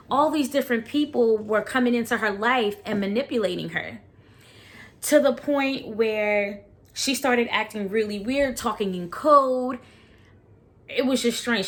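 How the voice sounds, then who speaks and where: A woman vlogger giving blunt, slangy casual commentary in reaction to a documentary. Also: on the high side.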